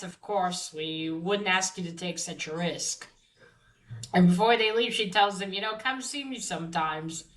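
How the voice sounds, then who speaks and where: A woman's voice: lowish voice, fairly bright tone, poor audio. A woman casually recapping a comic book story, swearing freely and retelling each scene with lots of fillers.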